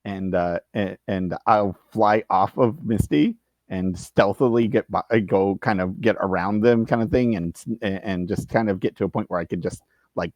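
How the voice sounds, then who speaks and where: A man's voice: low-pitched, a little mellow, dry recording. A man playing a tabletop role-playing game, chatting casually and stammering, repeating his words. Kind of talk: casual role-play chat.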